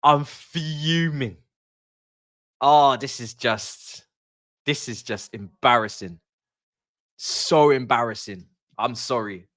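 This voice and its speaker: A man's voice: mid-range voice, slow, a bit bright, no echo, clean studio sound. A young man hosting a live football watch-along, ranting in exasperation and slang.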